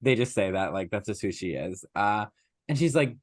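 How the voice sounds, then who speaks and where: A man co-hosting a podcast, casually retelling a fairy tale and briefly acting out its characters in quick little voices. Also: on the low side, no room sound, studio quality. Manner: animated, acts out characters in quick voices, laughs often. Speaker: podcast co-host. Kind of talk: casual chat, retelling a story.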